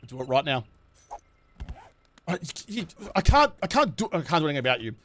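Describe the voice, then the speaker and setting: A man's voice: a little high, very animated, a little fast, fairly bright tone. A young Australian man streaming a game, chatty and jokey, his voice worn and tired. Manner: chatty, jokey, self-mocking. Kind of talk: casual live-stream chat.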